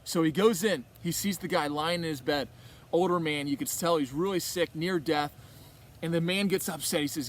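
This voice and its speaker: A man's voice: a little high, moderate pace, a little hiss or hum. A man giving a casual faith talk at a retreat, telling a story in a rambling, conversational way full of restarts and quoted dialogue. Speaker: retreat speaker.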